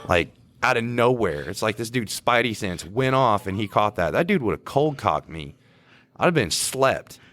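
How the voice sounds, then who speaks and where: A man co-hosting a podcast, telling a quick, animated work story in casual chat with slang. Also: lowish voice. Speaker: podcast co-host, police officer.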